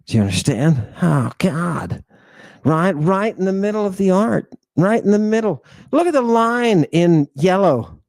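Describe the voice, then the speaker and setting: A man's voice: high-pitched, sing-song, a little slow, gravelly, a little mellow, dry recording. A man giving an impassioned lecture on ancient texts. He talks emphatically, repeats his phrases and keeps checking with "right?".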